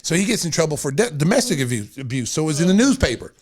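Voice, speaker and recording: A man's voice: fairly high pitch, big pitch swings, fast, a little mellow. A middle-aged man hosting a podcast, telling stories with lots of laughter and acted-out quotes. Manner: laughing storyteller, acts out quotes. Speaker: podcast host. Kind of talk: animated storytelling chat.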